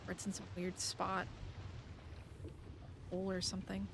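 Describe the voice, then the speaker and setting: A woman's voice: mid-range voice, completely flat delivery, normal speed, creaky, background noise. A woman streaming a survival game, giving casual commentary and playfully chatting to creatures and viewers.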